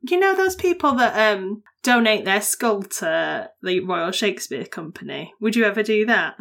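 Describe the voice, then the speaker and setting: A woman's voice: medium pitch, animated, normal speed, gravelly, a bit bright. A woman co-hosting a podcast in casual chat, laughing often and trailing off into restarts. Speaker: podcast co-host.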